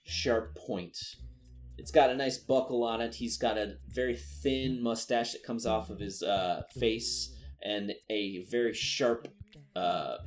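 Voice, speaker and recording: A man narrating as game master of a tabletop game, relaxed and full of fillers and laughs. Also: mid-range voice, slow.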